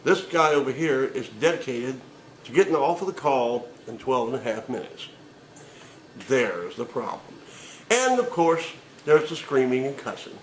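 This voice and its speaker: A man's voice: medium pitch, sing-song, unhurried, echoey room, a little hiss or hum, rough recording. A man delivering a sarcastic, profane comedic rant with emphatic delivery.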